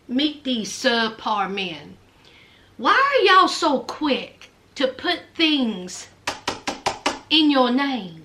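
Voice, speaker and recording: A woman's voice: sits high, sharp tone. A woman hosting a reality TV recap, telling it as a sassy, dramatic story in casual commentary. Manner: sassy, dramatic storytelling, calls listeners honey.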